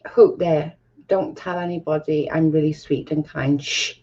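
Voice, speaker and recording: A woman's voice: deep voice, fairly even intonation, unhurried, mellow. A woman hosting a casual live stream, chatting with viewers and laughing often. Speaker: livestream host. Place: at home, camera off. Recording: dull lo-fi stream audio.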